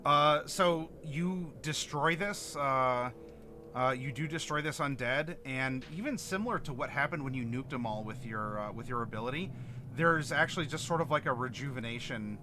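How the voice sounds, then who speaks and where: A man's voice: mid-range voice, moderate pace, over music. A young man running a tabletop game as game master, playful and laughing often.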